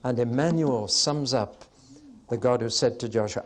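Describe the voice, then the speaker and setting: Male preacher, mid-pitched voice, emphatic and wry, delivers a sermon to a hall audience. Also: normal speed.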